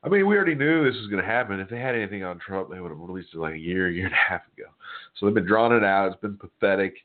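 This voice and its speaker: A deep-voiced man hosts a casual talk radio show, his nose stuffed with a cold. He talks in a loose, offhand, scoffing way. The sound is thin and phone-like. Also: animated, rapid-fire. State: nasal from a head cold. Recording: tinny phone-like line.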